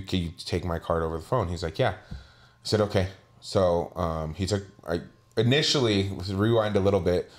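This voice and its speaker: A man co-hosting a podcast, telling a casual story and acting out the voices of the people in it. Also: deep voice. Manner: animated storyteller, acts out quoted voices. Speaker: podcast co-host.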